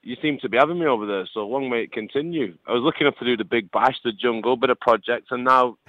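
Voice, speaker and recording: A jokey man in his late thirties from England, with a Lancashire accent, talks fast in a mid-range voice as a guest on a radio show, often repeating words. It's casual radio chat over a phone, so the recording is dry and tinny.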